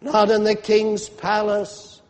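A man's voice: high voice, completely flat delivery, takes it slowly. A man preaching a sermon with fervent, swelling emphasis. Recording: long hall reverb.

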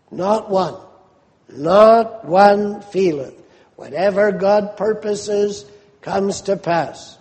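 A man preaching a sermon slowly and emphatically, his voice rising sharply when he quotes questions. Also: high voice, a little mellow, big-room sound.

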